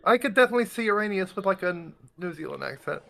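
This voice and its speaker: A joking man chats as a player in an online tabletop game and laughs at his own references. His voice sits high, with a gravelly fry running through it. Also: expressive, fast, fairly bright tone. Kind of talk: casual chat during a tabletop game.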